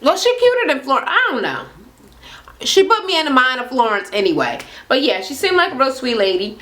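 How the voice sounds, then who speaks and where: A woman's voice: sits high, fairly quick. A married woman recapping a reality show in casual chat, rambling, swearing freely and acting out quotes as she goes. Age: adult, married. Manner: animated, profane and rambling, often acting out quotes.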